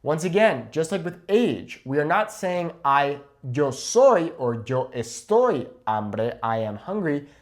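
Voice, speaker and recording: Lively male Spanish teacher. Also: on the high side. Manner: clear, explanatory, slows down to model Spanish phrases. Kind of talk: language lesson.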